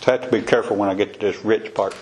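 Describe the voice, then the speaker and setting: A man's voice: fairly low pitch, fairly even intonation, rapid-fire, a little mellow, a little hiss or hum. A man teaching a casual Bible study in a folksy, conversational way, often repeating himself.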